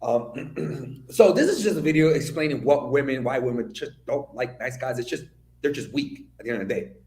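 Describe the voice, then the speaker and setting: A man from the Dominican Republic giving a blunt, profane commentary monologue, with animated storytelling. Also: medium pitch, moderate pace, echoey room, a little hiss or hum. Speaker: video commentator.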